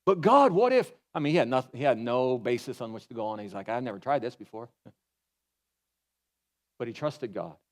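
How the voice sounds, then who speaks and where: A pastor giving a sermon in an animated, folksy way, mixing humor into his storytelling. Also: mid-range voice, moderate pace, long pauses. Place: church.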